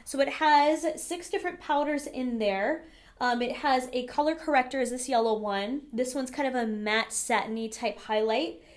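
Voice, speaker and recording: A woman vlogger talking to camera in a casual, candid makeup review, chatty with frequent fillers. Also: on the high side.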